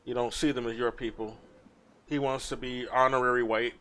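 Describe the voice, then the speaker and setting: A man's voice: medium pitch, little pitch movement, normal speed, sharp tone. A young man ranting with crude, mocking commentary while reacting to a video on a stream. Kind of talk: casual profane commentary.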